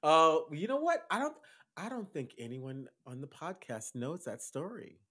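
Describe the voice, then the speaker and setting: A man's voice: fairly high pitch, animated, normal speed, pushed and bright, husky. A man co-hosting a podcast, chatting casually in a playful, teasing way. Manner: playful, teasing, laughs a lot. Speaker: podcast co-host. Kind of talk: casual chat. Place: Melbourne, Australia.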